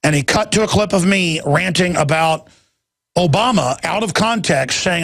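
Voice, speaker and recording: Middle-aged man, talk radio host, indignant and emphatic, high voice, dry studio sound. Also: animated, normal speed, gravelly, a bit bright, no echo. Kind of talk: heated broadcast monologue.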